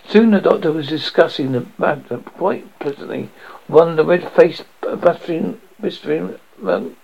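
A man's voice: on the high side, moderate pace, gravelly, darkish tone. A man reading a story aloud, stumbling and restarting now and then. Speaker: audiobook reader. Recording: dull lo-fi audio.

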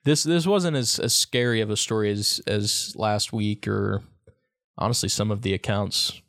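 This is a man co-hosting a podcast in loose, casual chat. His voice sits somewhat low, and he jokes easily and often leaves sentences unfinished. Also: normal speed, fairly bright tone. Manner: easygoing, joking, trails off mid-sentence. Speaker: podcast co-host.

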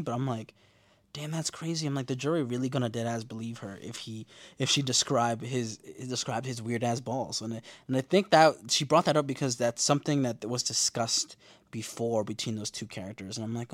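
A man casually recapping a TV episode in slangy, animated talk, acting out the characters' lines as he goes. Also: mid-range voice, moderate pace, no room sound. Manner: animated, slangy, acts out quotes. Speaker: show recapper.

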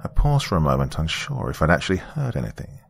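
A man narrating a first-person story in a calm, measured, reflective way. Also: extremely low pitch, vocal fry, a little hiss or hum.

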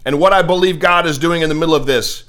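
A man's voice: on the high side, fast, a bit bright. Impassioned American man hosting commentary. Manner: impassioned, preachy, repeats words when starting a thought. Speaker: political commentary host. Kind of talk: opinionated monologue.

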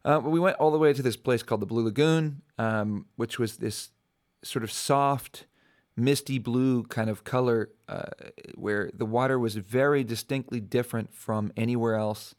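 An American man talks through his own podcast in an easygoing, reflective way, often stopping to restart his sentences and reach for words. His voice sits at an ordinary middle pitch, neither deep nor high. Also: normal speed. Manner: rambling, many restarts and fillers. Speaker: podcast host. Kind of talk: casual solo podcast monologue.

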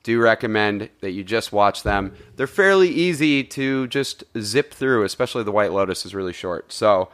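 A man's voice: lowish voice, expressive, normal speed, few pauses, fairly bright tone, smooth. A man hosting a podcast in casual comedic chat, rambling and joking, swearing freely. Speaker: podcast host.

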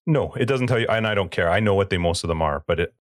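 A Canadian man co-hosting a casual gaming podcast, steady and dryly teasing, keeping the talk on track. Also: low voice, fast, dry recording. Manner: steady, keeps the show on track, dry teasing. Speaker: podcast co-host.

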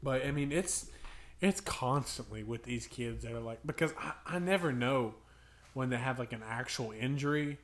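A man's voice: mid-range voice, normal speed. Young man telling camp stories. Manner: storytelling, acting out kids' voices, laughing. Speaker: podcast co-host. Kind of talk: casual chat.

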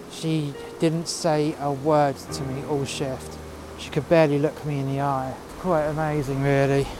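A man's voice: a little high, background noise. A man telling a workplace story outdoors in freezing cold, heated and profane. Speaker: storyteller recounting a workplace dispute. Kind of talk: casual spoken storytelling. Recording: music playing under the voice.

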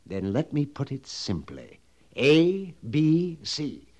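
A jittery frontier storekeeper in a vintage western drama, his fairly high voice leaping and sinking as he frets. He lingers over his words, leans into grand phrases and then hushes to a whisper. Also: sing-song, slow, full character voice. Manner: fretful, theatrical, drops to whispers. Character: fussy nervous middle-aged male army-post storekeeper. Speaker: sutler running a fort canteen.

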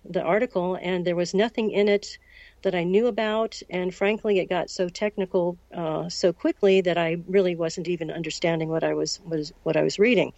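A woman in her sixties from the United States, recounting a personal story as an interview guest in a measured way and acting out the dialogue. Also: lowish voice, steady tone, darkish tone, dry recording. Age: 60s. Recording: dull, lo-fi recording.

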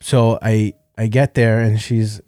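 A man's voice: lowish voice, little pitch movement, slow, mellow, dry recording, studio quality. Laughing man telling a podcast story. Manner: storytelling, laughs often, crude. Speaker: podcast host. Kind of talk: casual podcast banter.

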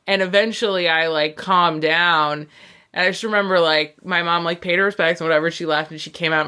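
A young woman in casual conversation tells a personal story. Her voice sits a little low for a woman, and she jumps into the voices of the people she quotes, peppering every sentence with "like". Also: normal speed. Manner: animated, acts out quoted voices, lots of "like".

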